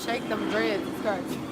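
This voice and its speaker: High, lively-voiced woman barber chatting outdoors. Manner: chatty and playful, joking with viewers and her dog. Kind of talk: casual live-stream chat while cutting hair. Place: outdoor deck, windy. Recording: outdoor wind and ambient noise.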